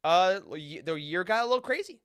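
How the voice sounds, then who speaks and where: Bright high-voiced enthusiastic male podcast host. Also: brisk, smooth, no echo, studio quality. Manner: enthusiastic, laughs often, animated asides. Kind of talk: casual podcast roundtable.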